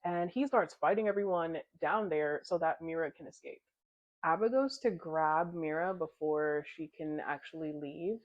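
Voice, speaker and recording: A young woman talks through a book recap in a chatty, sweary way and dramatizes the characters as she goes. Her voice sits a little low. The recording sounds dull and lo-fi. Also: normal speed. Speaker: book reviewer.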